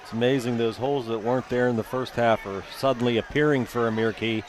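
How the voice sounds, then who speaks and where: A man doing color commentary at a high school football game, breaking down plays in a relaxed, chatty way. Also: fast talker. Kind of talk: sports commentary. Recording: crowd and outdoor noise behind.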